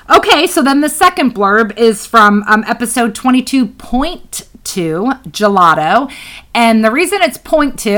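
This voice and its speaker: A woman co-host with a high voice tells stories in loose, casual chat, laughing often and swearing freely. Her tone is very bright and her stories are lively. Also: rough recording. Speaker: podcast co-host.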